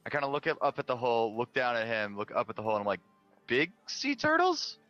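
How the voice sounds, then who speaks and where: A man's voice: medium pitch, very fast, clean tone, dull audio, faint music behind. A man playing a tabletop game, asking curious questions in character. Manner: curious, asks many questions, lively. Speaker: player.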